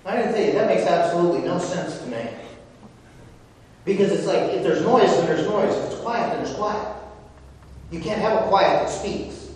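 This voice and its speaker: A man preaching a sermon, speaking deliberately and dropping to a hush when he reads whispered words. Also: high voice. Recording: echoey hall, voice from far off.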